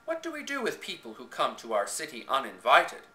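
A man voicing a fat, gloating, menacing king of beggars in a booming, theatrical way, recorded on a home camcorder in an echoey room. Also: wildly swooping pitch, a little fast, pushed and bright, a little hiss or hum. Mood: scornful.

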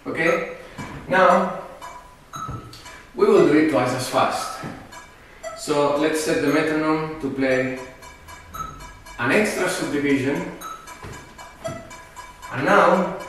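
Speaking slowly with long pauses, a man with a fairly high, fairly bright voice leads a tango lesson, calling out the counts and asking how his students are doing. The echoey room is captured from afar, with a metronome ticking under faint music.

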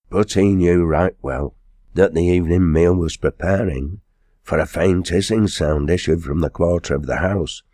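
Slow low-voiced male narrator. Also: mellow, dry recording, clean studio sound. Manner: measured storytelling. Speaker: audiobook narrator. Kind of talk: scripted narration.

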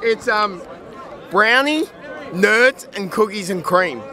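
A man's voice: high-pitched, lively intonation, takes it slowly, bright, forceful tone. A man, an eager football fan, speaking a little shyly on a street. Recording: street crowd behind.

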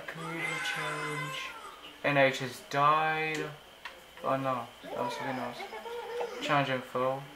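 A young man giving casual, excitable commentary while he plays a video game, often exclaiming in frustration. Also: on the high side, noisy background. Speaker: gaming YouTuber.

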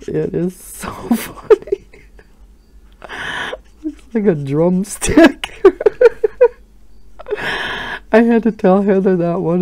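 A woman's voice: fairly low pitch, warm tone, no echo. A middle-aged woman hosting a coloring channel, chatting casually and telling stories with frequent laughter. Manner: chatty storytelling, laughs often. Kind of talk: casual chat while coloring.

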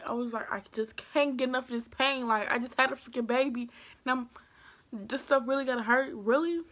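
A young woman vlogger with a mid-range voice tells a personal story in a casual, animated style. She acts out what people said, swinging between hushed and loud.

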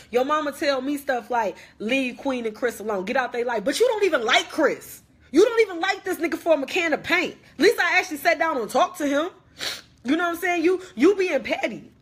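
A young woman on a phone livestream goes on an impassioned, casual rant, sounding hurt and confrontational. She's emphatic and repeats herself for weight, her voice sitting high and a bit bright.

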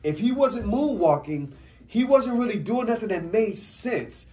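A man speaks as a guest on a talk show, telling stories in loose street slang. His voice sits a little high for a man. He talks with lively, easy energy. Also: measured pace. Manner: animated, laughing storyteller, street slang. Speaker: guest choreographer. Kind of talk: casual radio interview storytelling.

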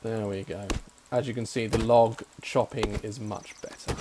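A young man giving jokey gameplay commentary; excitable, with frequent swearing. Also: lowish voice, a little slow, noisy background. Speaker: gaming YouTuber.

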